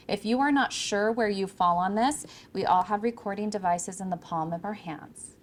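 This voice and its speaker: A woman's voice: medium pitch, slight background noise. Brief: woman speaker at a podium, projected and emphatic, coaching tone. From California. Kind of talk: presentation to interns. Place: event room with audience. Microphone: handheld or podium microphone.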